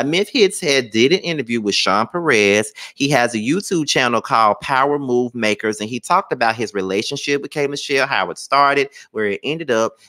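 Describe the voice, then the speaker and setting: A man's voice: medium pitch, dry recording. A man hosting a commentary channel, talking casually and directly to his viewers. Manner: talks directly to viewers, relaxed and conversational.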